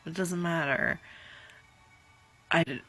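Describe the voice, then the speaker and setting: A woman's voice: on the low side, fairly even intonation, takes it slowly, sharp tone, soft background music. A woman in her twenties chatting through a casual reaction vlog, dramatic and giggly, and tired. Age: 20s. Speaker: vlogger.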